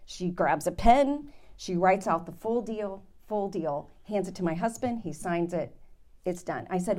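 A woman Bible teacher giving an animated, dramatic testimony to her class, with laughs. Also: fairly low pitch, unhurried. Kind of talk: sermon storytelling.

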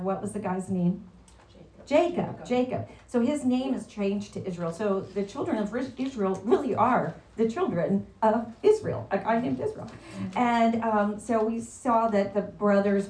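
A woman's voice: medium pitch, a little mellow. A woman teaching a casual Bible lesson, chatty and quizzing her class as she goes. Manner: chatty, asks the class questions. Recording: roomy echo, faint background noise.

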